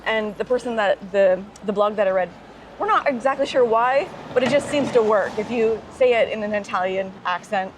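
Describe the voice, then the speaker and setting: A woman's voice: mid-range voice, brisk. A woman chatting casually and laughing often while walking outdoors, filming a travel vlog. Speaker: travel vlogger. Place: outdoors on a busy street. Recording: street and traffic noise.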